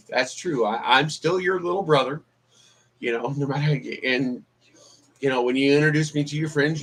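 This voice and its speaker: A man's voice: medium pitch, slight background noise, poor audio. A man chatting casually on a live stream as a vlogger, rambling with many fillers and restarts. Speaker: YouTube vlogger.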